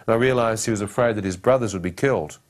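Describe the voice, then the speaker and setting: A man's voice: on the low side, quick pace. A man giving a personal testimony, telling his story dramatically and acting out the dialogue and his own thoughts.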